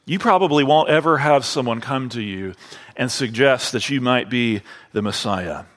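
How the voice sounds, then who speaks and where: A man preaching a sermon to his congregation, drawing out key phrases slowly and deliberately. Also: mid-range voice, a bit bright, in a large hall.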